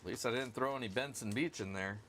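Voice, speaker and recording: This man runs a casual livestream giveaway, rambling loosely and cracking jokes at his own expense. His mid-range voice is fairly bright and fairly quick, with slight background noise.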